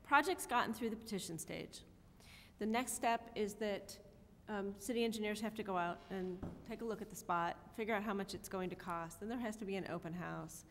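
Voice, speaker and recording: A woman's voice: medium pitch, a little hiss or hum. A woman alderman explaining a project timeline step by step at a council meeting. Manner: methodical, explains steps in order. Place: council chamber. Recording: long reverb council chamber audio.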